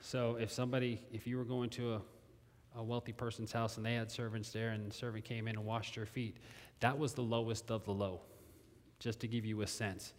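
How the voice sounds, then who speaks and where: A man's voice: lowish voice, flat delivery, a little fast. A man preaching a sermon in a conversational way, repeating phrases and asking his listeners questions. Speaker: pastor. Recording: long hall reverb.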